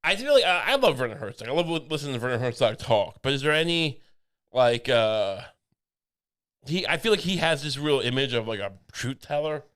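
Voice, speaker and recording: A man's voice: medium pitch, very animated, brisk, fairly bright tone, clean tone. A young man co-hosting a comedy podcast, joking and rambling with lots of restarts. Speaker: podcast co-host. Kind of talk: casual comedic chat.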